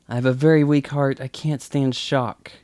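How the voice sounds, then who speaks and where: A man's voice: mid-range voice, level tone, normal speed, darkish tone, no echo, lightly acted. A man mocking a heartless rich old woman. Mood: sneering. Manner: over-the-top mock delivery. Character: greedy, mean older rich woman, heartless.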